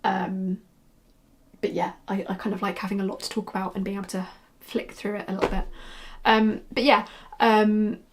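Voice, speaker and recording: A woman's voice: mid-range voice, level tone, normal speed, creaky, a little hiss or hum. A young woman, chatty and rambling, talking casually about her knitting projects with frequent ums and restarts. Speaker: knitwear designer podcaster.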